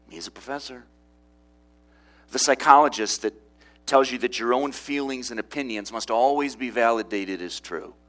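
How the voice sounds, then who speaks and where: A male pastor delivering a sermon in a relaxed, conversational tone. His pitch swings widely as he leans on rhetorical questions. The voice sits at an ordinary middle pitch for a man.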